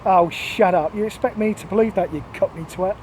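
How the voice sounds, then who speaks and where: A man voicing a middle-aged Cornish fisherman who gruffly teases a friend in rough banter. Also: high voice, a little fast, darkish tone, a little hiss or hum, close to an everyday voice, rough recording. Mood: mocking.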